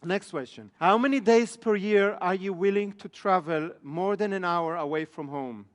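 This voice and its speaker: This high-voiced man speaks at a moderate pace while running a live business seminar. He's a business trainer addressing an audience in a training room, with the echoey hall audible. He regularly poses check questions to the room.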